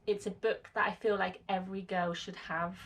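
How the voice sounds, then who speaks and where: A woman's voice: mid-range voice, level tone, moderate pace, a bit bright. A woman vlogging in a casual, rambling way, full of fillers and restarts, part of it from a small lean-to shed. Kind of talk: casual chat to camera.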